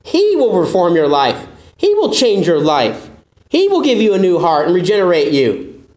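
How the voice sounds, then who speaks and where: A male pastor preaching with a high-pitched voice, earnest and emphatic. The room adds a noticeable echo around his voice, and he hammers home his points with conviction. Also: wildly swooping pitch, normal speed, a little mellow. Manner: earnest, emphatic preaching that acts out quoted doubters in a higher voice. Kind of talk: sermon.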